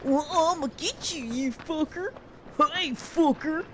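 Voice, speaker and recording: A man's voice: very high voice, slow pace, fairly bright tone, slight background noise, voice pushed up, exaggerated voice. A woman voicing a crude, taunting hillbilly bandit villain from a game, in a mocking redneck put-on.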